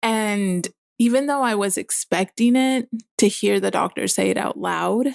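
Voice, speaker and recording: Young mom chatting, lots of likes and ums, gravelly voice, dry sound. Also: female voice, mid-range voice, a little slow, no echo. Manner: candid, many fillers like "like" and "um". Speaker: guest. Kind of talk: casual conversation.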